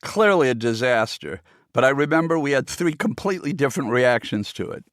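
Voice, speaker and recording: A man, a film director, telling his own story as audiobook narration in a lively, animated way. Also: mid-range voice, a little fast, no echo, studio quality. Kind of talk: oral-history audiobook narration.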